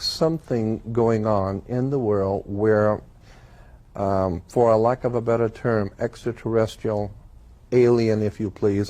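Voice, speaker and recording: Brief: male guest, mellow and warm, earnest storyteller in a talk interview. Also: fairly low pitch. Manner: earnest, deliberate, recounting quoted dialogue. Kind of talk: personal storytelling in conversation.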